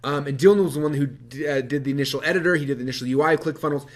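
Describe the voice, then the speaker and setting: A man presenting a webinar, telling his story to a live audience in a lively, animated way with many fillers. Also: a little high. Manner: energetic, animated, quick-talking with many fillers.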